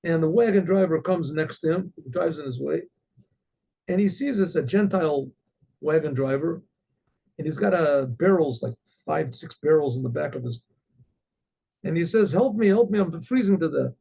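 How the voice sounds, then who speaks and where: A male rabbi telling a story in a halting way, with many restarts and throat clearing. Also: fairly high pitch, mellow, highs cut off.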